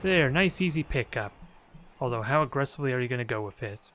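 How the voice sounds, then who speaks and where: A man's voice: medium pitch, expressive, quick pace, a bit bright. Guy casually narrating his game, jokey, bit of background hiss. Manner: playful, jokey trash talk. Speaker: video game player and commentator. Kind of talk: casual gameplay commentary.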